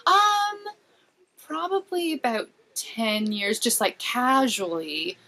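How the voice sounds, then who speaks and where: A woman's voice: fairly high pitch, sing-song, slow, sharp tone, low-quality recording. A woman guest who dyes yarn, chatting casually in an easygoing, self-deprecating way. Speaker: podcast guest, yarn dyer. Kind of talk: casual chat.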